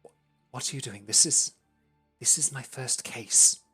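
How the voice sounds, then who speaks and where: A man's voice: a little high, lively intonation, moderate pace, slightly rough, soft background music, pitched above the performer's own voice. A man voicing a nervous, clueless rookie court defender who stammers and sounds flustered.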